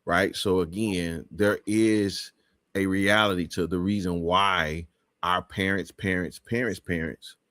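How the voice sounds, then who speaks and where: Low-voiced man preaching on a live show. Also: dry recording, clean studio sound. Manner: preachy, emphatic, restarts often.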